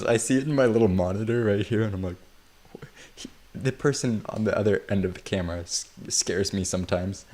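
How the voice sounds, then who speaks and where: Low voiced dude streaming his workbench build, chatty and self mocking, chuckles a lot. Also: a little mellow. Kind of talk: casual livestream chat while working.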